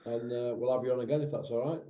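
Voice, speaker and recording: A man hosting a casual chat show, relaxed and chatty, asking drawn-out questions with fillers. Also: medium pitch, narrow, tinny audio. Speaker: host.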